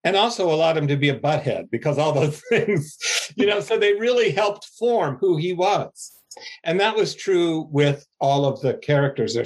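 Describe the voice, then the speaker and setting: An older man, an author, giving a slow, rambling, self-deprecating interview answer. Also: a little high.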